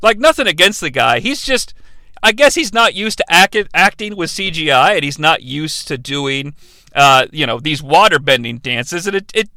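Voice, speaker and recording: A man with a fairly high, bright voice rambles through a sarcastic film recap, swearing freely. The recording is close and dry. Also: no room sound. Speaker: podcast host reviewing a film. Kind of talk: casual comedic film recap.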